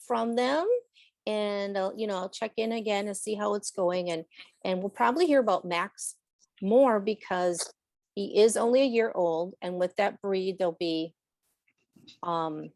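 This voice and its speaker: This is a woman talking in a loose, rambling chat, often breaking into laughter. Her voice sits at an ordinary pitch, and the sound is dry and close with no room behind it. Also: darkish tone, no echo. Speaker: animal communicator. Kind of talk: casual chat on a podcast.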